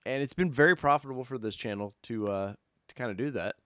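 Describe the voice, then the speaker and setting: Man, live-stream host, casual car talk, excitable, mid-pitched voice, dry sound. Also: fast, dry recording. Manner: loose, excitable, swings between loud and muttered.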